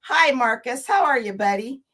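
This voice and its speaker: A woman in her fifties, hosting a casual livestream and chatting warmly, laughing and greeting viewers one by one. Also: a little high, expressive, normal speed. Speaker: livestream host.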